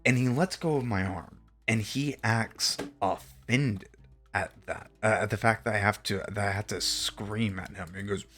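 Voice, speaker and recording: A man's voice: on the low side, moderate pace, fairly bright tone, soft background music. A young man streaming, telling a story casually with exasperated, profane asides.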